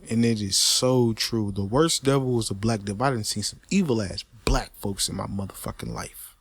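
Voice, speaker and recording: A man, ranting in a profane, repetitive, animated way. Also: lowish voice, dry recording, studio quality. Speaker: podcaster. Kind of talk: unscripted rant.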